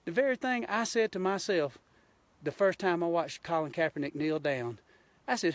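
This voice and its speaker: A man's voice: a little high, moderate pace, dry recording. A man from Georgia with a Southern accent, a hunting show host ranting bluntly and folksily on a live stream from a mountain outdoors, filmed on a handheld phone. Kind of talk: impassioned live-stream rant.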